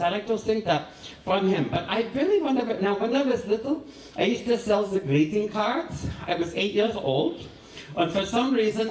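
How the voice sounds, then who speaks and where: A flamboyant, self-adoring cabaret host, played by a man rambles through theatrical, self-mocking stories in a vague put-on European accent. His voice sits high. The sound is roomy and distant, as if the mic were across a small live venue. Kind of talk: live stand-up monologue.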